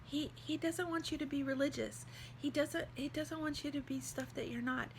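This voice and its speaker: A woman's voice: high-pitched, moderate pace, a little hiss or hum, rough recording. A woman vlogger talking in an earnest, heartfelt, rambling way about faith. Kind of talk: casual devotional vlog talk.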